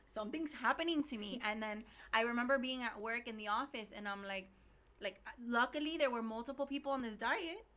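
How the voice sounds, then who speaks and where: A woman's voice: on the high side, brisk, pushed and bright. A woman with a Miami Spanish-English accent, co-hosting a casual podcast chat and telling stories expressively, acting out her own reactions. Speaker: co-host.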